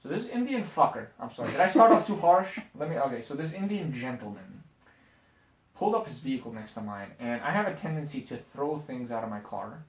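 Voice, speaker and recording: A man's voice: mid-range voice, sing-song, fairly quick. A man in his forties co-hosting a casual podcast, telling stories in a brash, profane way and laughing at his own jokes. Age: 40s. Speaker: podcast co-host. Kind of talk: casual chat. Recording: roomy sound from a distant mic.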